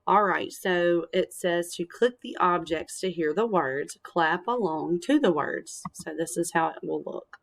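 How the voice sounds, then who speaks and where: A young woman teacher giving a recorded lesson to young children, gentle and encouraging, speaking slowly and clearly into a screencast mic. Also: on the low side. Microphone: screencast computer mic.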